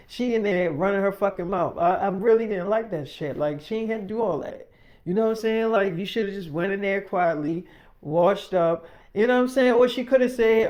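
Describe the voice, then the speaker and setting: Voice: mid-range voice, moderate pace, a little mellow. Profane rambling freestyle storyteller. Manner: profane, rambling, acts out quoted dialogue; repeats "she's like" and "like" constantly.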